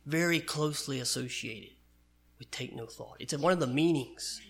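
A man's voice: mid-range voice, normal speed, vocal fry, fairly bright tone. A man preaching a sermon in an earnest, conversational way, reading and explaining scripture.

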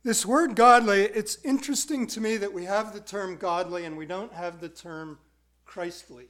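A man's voice: high voice, moderate pace, fairly bright tone. A male pastor preaching a sermon in a conversational way, putting questions to the congregation.

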